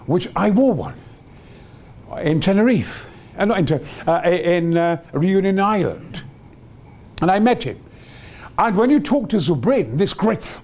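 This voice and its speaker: A man's voice: high voice, a little mellow. A man in his eighties reminiscing in a rambling, digressive and enthusiastic way, jumping between stories. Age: 80s. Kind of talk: reminiscing storytelling.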